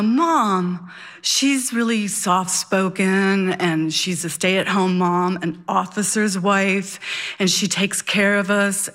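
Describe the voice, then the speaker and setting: A woman telling a personal story live on stage, vivid and animated. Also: mid-range voice. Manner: vivid, animated, childlike wonder.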